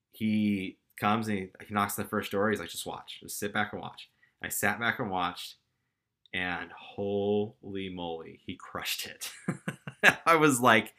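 Bright-voiced man telling his story candidly. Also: fairly low pitch. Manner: candid, self-deprecating, animated. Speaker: storyteller recounting his career. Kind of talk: casual storytelling.

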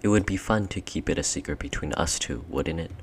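In a rumbling low voice at a brisk clip, a male audiobook reader plays a tall, regal, cold queen who coaxes, sweet-talks, persuades and commands. A little hiss or hum can be heard.

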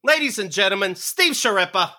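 A man's voice: high voice, animated, a little fast, bright, forceful tone. A man hosting a podcast in casual chat, joking and teasing his guest. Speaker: podcast host.

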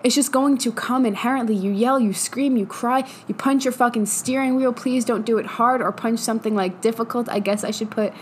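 A woman's voice: on the high side, steady tone, brisk, hardly any pauses, slight background noise. A young woman hosting a podcast, giving a casual motivational monologue, swearing a lot and laughing often. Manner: profane, emphatic, laughs often. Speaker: podcast host.

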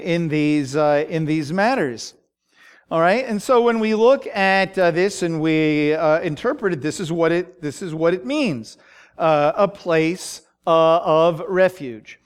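A man teaching a Bible study, talking in a halting way with many fillers and frequent "okay?" check-ins. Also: a little high, smooth.

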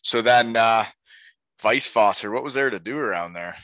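A man's voice: fairly low pitch, moderate pace, a bit bright, no echo. A middle-aged man hosting a casual chat, joking and talkative, close to a mic. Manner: joking, chatty. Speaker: podcast host. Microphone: studio mic.

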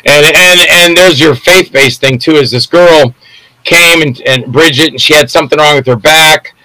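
A man's voice: a little high, moderate pace, pushed and bright, no echo, rough recording. A man, an independent film director and guest, telling stories in a casual, rambling way and often losing names mid-sentence.

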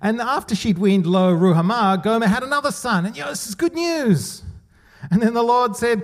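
A pastor preaching a conversational sermon with rhetorical questions and laughter, at times. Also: male voice, very high-pitched, lively intonation, normal speed.

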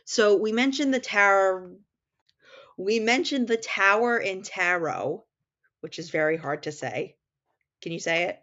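A woman with a New York accent co-hosting a podcast, explaining a novel in an animated, explanatory way and laughing at her own slips. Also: mid-range voice, measured pace, highs cut off. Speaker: podcast co-host. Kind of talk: casual literary discussion.

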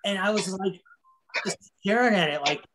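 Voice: medium pitch, fairly quick, background noise. A wrestler chatting casually on a podcast, rambling with lots of fillers and swearing freely.

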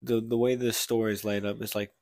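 A man's voice: fairly low pitch, level tone, fairly quick, a little mellow, no room sound, clean studio sound. A man co-hosting a casual podcast, retelling a book plot in a rambling way and acting out the characters' lines. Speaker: podcast co-host.

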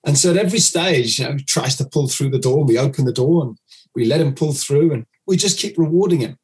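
A man's voice: mid-range voice, expressive, fast. A man, a dog trainer, explaining his method in an interview, acting out owners' commands.

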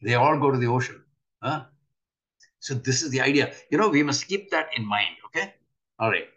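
An older man giving an earnest spiritual talk, often pausing to ask his listeners rhetorical questions. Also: mid-range voice, lively intonation, a bit bright. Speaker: spiritual teacher.

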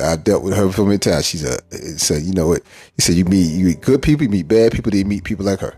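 Husky low-voiced man, candid and rambling. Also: warm tone. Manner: candid, rambling, emphatic, with frequent restarts. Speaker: podcast host. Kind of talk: personal reflective monologue.

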